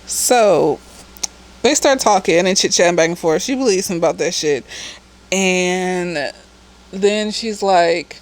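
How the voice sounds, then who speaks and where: A woman's voice: lowish voice, slow, long pauses, poor audio. A woman therapist, slightly tipsy, giving a casual, blunt and profane recap of a TV episode with chatty asides.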